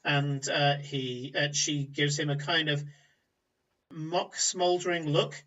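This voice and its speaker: A man narrating a tabletop game as game master, rambling with many pauses and fillers. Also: on the high side, level tone, fairly bright tone, recorded from a distance, highs cut off. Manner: rambling, hesitant, filler-heavy.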